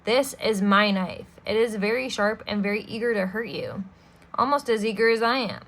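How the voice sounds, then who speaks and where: A woman's voice: mid-range voice, moderate pace, fairly bright tone, lightly acted, rough recording. A woman reading aloud and voicing a sinister, scheming adult male villain with a sneering, menacing manner. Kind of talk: storybook read-aloud.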